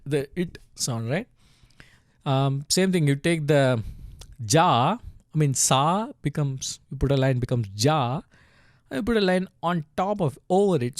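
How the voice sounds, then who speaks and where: Slow, halting man tutoring with fillers. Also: on the high side, no echo, clean studio sound. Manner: halting, many fillers and restarts, chuckles often. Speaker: language tutor. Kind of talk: casual screen tutorial.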